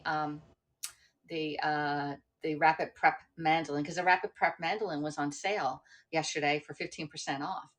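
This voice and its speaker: A middle-aged woman chatting on her own livestream, wandering from one thought to the next. Her voice sits a little low. She talks loosely and informally, with plenty of ums and self-corrections. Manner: rambling, chatty, with many fillers and restarts. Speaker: livestream host. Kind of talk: casual livestream chat.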